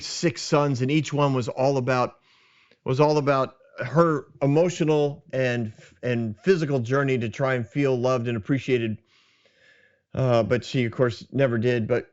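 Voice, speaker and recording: A man's voice: medium pitch, darkish tone, lo-fi sound. A man hosting a podcast, casually retelling a scripture story in a conversational, self-deprecating way. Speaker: podcast host.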